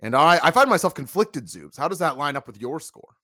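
A man hosting a casual livestream review chat, animated and jokey, reading out viewer scores with playful emphasis. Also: on the high side, a little fast, no room sound, studio quality. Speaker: host.

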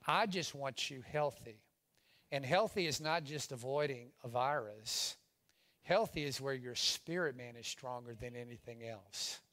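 A middle-aged pastor from Louisiana preaching a sermon, swinging from loud exclamations to hushed asides. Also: male voice, medium pitch, a little slow.

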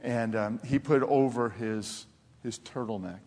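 A man preaching a sermon as pastor, telling animated personal stories, laughing often and dropping to soft, intense tones. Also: medium pitch, measured pace, slight background noise. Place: church sanctuary. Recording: long reverb of a church hall.

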